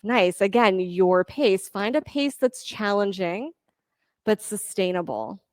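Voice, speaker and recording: Calm woman yoga teacher cueing poses, slow and encouraging, dry close sound. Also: mid-range voice, no echo. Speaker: yoga instructor. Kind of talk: guided yoga class cues.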